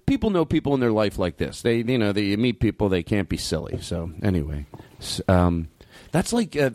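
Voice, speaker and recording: A man's voice: lowish voice, no echo. A man hosting a radio show, chatting casually and rambling through stories with loose profanity on a studio mic. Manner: rambling storyteller, swears freely. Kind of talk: casual on-air chat.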